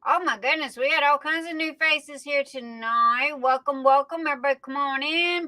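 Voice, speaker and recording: A woman hosting a casual livestream, greeting viewers by name in a chatty way with lots of drawn-out fillers. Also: high voice, fairly even intonation, pushed and bright, dry recording, poor audio. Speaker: livestream host. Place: home streaming setup.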